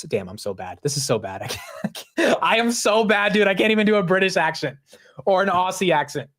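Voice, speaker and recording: A man's voice: sits high, big pitch swings, a little fast, fairly bright tone. A man hosting a live market show, talking casually with slang and thinking aloud. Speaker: livestream host.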